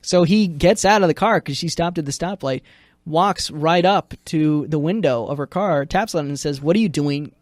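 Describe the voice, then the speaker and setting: A man's voice: a little high, no echo, clean studio sound. A man, the station's news director, trading jokes and retelling odd stories in a casual radio chat. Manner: jokey, animated, quick joking asides. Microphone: studio microphone.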